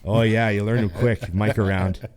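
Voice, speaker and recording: A Canadian pro bodybuilder casually tells stories, animatedly acting out the other people's voices. He speaks at normal speed with a fairly low pitch.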